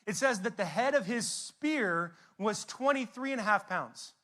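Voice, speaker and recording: A man preaching a youth sermon in a casual, animated, conversational way, full of slang and asides. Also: high voice, unhurried. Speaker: youth pastor.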